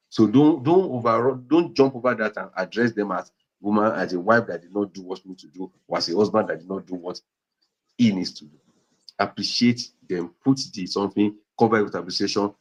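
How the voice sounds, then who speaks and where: A man's voice: fairly low pitch, fairly quick, lo-fi sound. A man with a Nigerian accent giving earnest marriage counseling advice, repeating points and acting out example dialogues.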